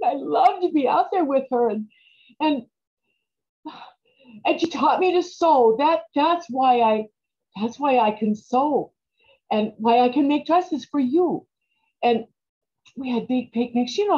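A woman acts out a grieving mother in a stage monologue, tearful and halting, stumbling over her words. Her voice is fairly high and husky. The recording sounds dull and lo-fi. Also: a little mellow, exaggerated voice. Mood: wistful. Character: grieving farm-raised mother, tearful and pleading.

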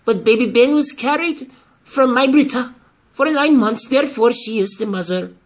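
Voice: medium pitch, moderate pace, lightly acted. A performer voicing a scheming older woman who is obsessed with her daughter and grandson, in amateur soap-opera acting. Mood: gloating. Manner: haughty, gloating, pleading in turns.

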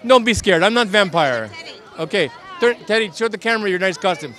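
A man with a high, light voice chats cheerfully with costumed kids outdoors, coaxing them onto camera. He jokes in the role of a harmless vampire count, with a murmur of people around him. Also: expressive, a little fast, a bit bright, a faint crowd. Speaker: community TV street interviewer. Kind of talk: casual street interviews with costumed children. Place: outdoors at a street Halloween parade.

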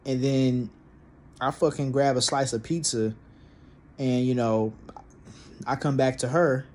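A man's voice: mid-range voice, normal speed, a little mellow. A young man telling a personal story in a casual, profane, rambling way, full of restarts and fillers.

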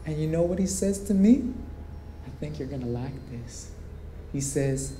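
A man performing a spoken monologue before live visitors, pitch leaping between hushed asides and excited bursts. His voice is very dark and mellow, and the room adds a clear echo. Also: normal speed, long pauses, slight background noise. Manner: animated, with big swings between hushed and excited. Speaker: performance artist. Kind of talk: theatrical storytelling monologue. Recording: roomy echo.

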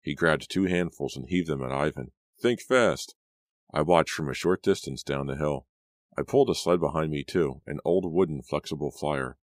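A man narrating an audiobook in the first person, with a measured storytelling delivery. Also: a bass voice, dry recording, studio quality.

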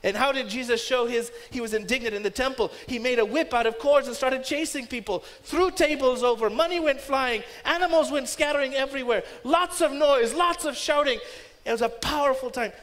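A man's voice: extremely high pitch, fairly bright tone. A man preaching a sermon as pastor, emphatic and rising sharply when he voices commands. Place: church. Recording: long reverb of a church hall.

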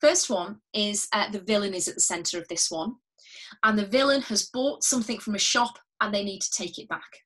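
Drama tutor, woman, mid-pitched voice: patient, reassuring, walks the learners through each exercise, repeating key words. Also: normal speed, fairly bright tone. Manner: clear, patient, step-by-step instructions, often repeating key words; encouraging and reassuring toward learners at home. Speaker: drama workshop leader. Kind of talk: recorded instructional drama lesson.

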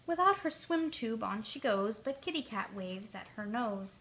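A woman reading a rhyming children's picture book aloud, lively and voicing the characters. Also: on the high side, moderate pace, hardly any pauses, a little hiss or hum. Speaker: storyteller.

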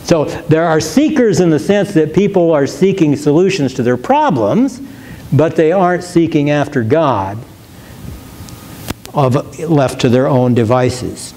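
A pastor in a church, earnestly teaching. His voice sits a little high for a man, yet it sounds dark and mellow. He stresses key words slowly and often restarts his phrases as he thinks. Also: expressive, slight background noise. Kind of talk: question-and-answer teaching.

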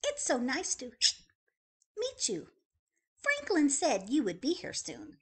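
A woman's voice: high-pitched, wildly swooping pitch, slow pace, full character voice. A woman voicing a fretful little penguin with hiccups, chatty and pleading, in a children's storybook read-aloud.

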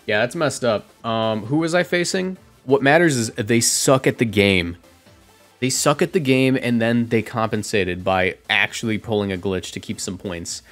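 Male streamer, mid-pitched, casual play-by-play of his own games, faint music behind. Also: moderate pace. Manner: chatty, self-correcting, reacts out loud. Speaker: competitive game commentator. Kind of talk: casual gameplay commentary.

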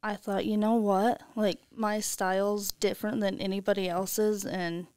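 A woman co-hosting a podcast in relaxed casual chat. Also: medium pitch, a little slow, clean tone. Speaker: podcast co-host.

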